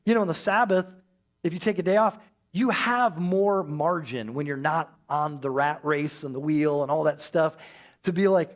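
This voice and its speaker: A male pastor giving a lively sermon, acting out the voices of the people in the story as he goes. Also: a little high, moderate pace.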